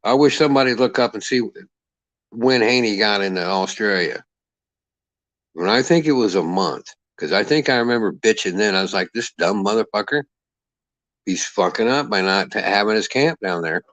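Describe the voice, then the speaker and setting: A man's voice: fairly low pitch, lively intonation, normal speed, a bit bright, no echo. A man delivering a heated, profane boxing rant as the channel's commentator. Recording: dull lo-fi dry sound.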